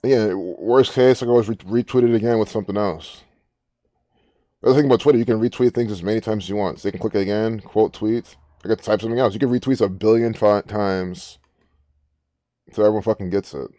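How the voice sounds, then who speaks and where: Man, low voice, mellow dark tone, dry close sound, rambling profane commentary. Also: quick pace, no room sound. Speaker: online commentator. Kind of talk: casual commentary reading social media posts.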